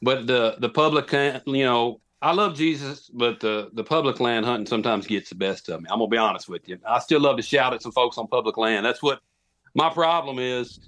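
A man's voice: medium pitch, brisk, fairly bright tone. A man, telling a long, rambling, self-deprecating story as a podcast guest. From Tennessee. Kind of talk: casual storytelling.

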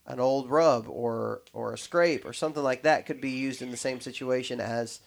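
A man's voice: mid-range voice, moderate pace, creaky. A man in casual podcast chat, talking in loose, rambling sentences full of restarts and fillers.

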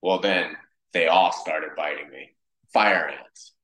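A man with a deep, low voice tells stories in a loose, conversational way, acting out each quoted line. He is a podcast guest from Wisconsin. His voice carries a noticeable roomy echo. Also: slow pace. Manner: animated, acts out quoted dialogue. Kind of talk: casual storytelling in conversation.

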